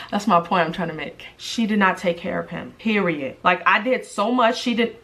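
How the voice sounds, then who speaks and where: A young mother telling a personal story in a vlog, blunt, animated and emphatic. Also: medium pitch, moderate pace.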